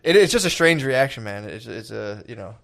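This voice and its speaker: Male podcast co-host, 30s, medium pitch, sarcastic and self-mocking, loose rambling delivery. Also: animated, brisk, vocal fry, a bit bright, faint music behind. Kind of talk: crude comedic banter.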